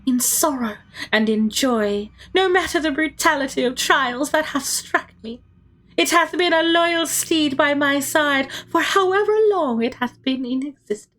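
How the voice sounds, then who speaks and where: A woman's voice: sits high, measured pace, fairly bright tone, voice pushed up. A woman voicing an earnest, dramatic young female knight who speaks in old-fashioned, theatrical words. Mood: proud. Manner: archaic, theatrical, exclaiming.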